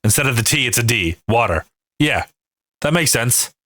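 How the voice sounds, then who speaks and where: Bright-voiced New man. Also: medium pitch, moderate pace. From Rhode Island. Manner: animated, fond of imitating accents, profane. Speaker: podcast co-host. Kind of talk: casual chat.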